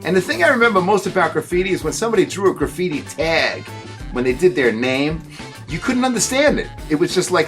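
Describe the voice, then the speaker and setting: A man hosting a casual show, telling comic stories in an animated way and laughing at his own jokes. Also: fairly high pitch. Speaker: show host. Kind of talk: casual comedic storytelling.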